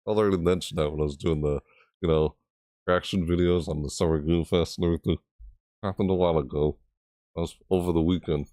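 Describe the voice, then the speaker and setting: A man who makes gaming videos, chatting casually to camera, reading out viewer messages and answering them in a rambling way, with sudden high yelps. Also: warm tone, no room sound, studio quality. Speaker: gaming YouTuber reacting to trailers and chat.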